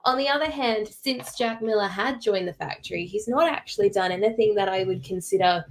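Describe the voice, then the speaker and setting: A young woman from Derry with a Northern Irish accent, co-hosting a casual podcast chat with opinionated, quick analysis. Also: medium pitch, slight background noise. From Northern Ireland. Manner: opinionated, fast analytical talk with fillers. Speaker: co-host.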